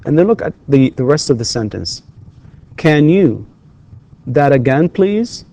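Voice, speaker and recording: A man's voice: a little high, sing-song, measured pace, mellow. A male university English lecturer, giving a recorded lesson and patiently repeating questions for his students. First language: Arabic.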